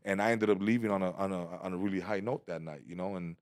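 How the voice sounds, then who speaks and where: A man's voice: low-pitched, fast, a little mellow, dry recording, clean studio sound. A man in his thirties, a stand-up comedian, telling a story in casual, profane chat and acting out other people's voices.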